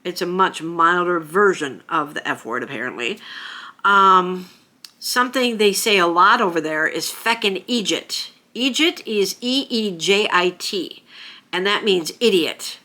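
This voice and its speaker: Bright-voiced chatty American woman. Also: fairly low pitch, animated, unhurried. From United States. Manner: chatty, frequent fillers and little laughs. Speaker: vlogger. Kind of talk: casual chat to camera.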